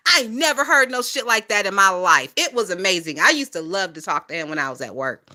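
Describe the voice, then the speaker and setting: A woman's voice: medium pitch, animated, a little fast, pushed and bright. A woman in her twenties with a Southern US accent, chatting casually on a phone livestream, swearing and laughing often as she gossips. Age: 20s.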